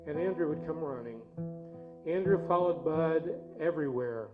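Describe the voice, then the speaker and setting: A lay service leader in a church sanctuary tells a homespun family story in a relaxed, chatty manner, mixing folksy storytelling with guitar songs. His voice is a little high and moderately paced, and the dull lo-fi recording is dominated by loud guitar playing in the background.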